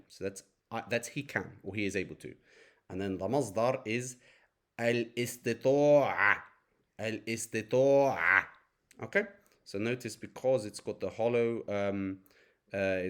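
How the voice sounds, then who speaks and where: Man explaining grammar step by step. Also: low-pitched. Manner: explanatory, breaks sentences down word by word with fillers. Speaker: Arabic teacher. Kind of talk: grammar lesson.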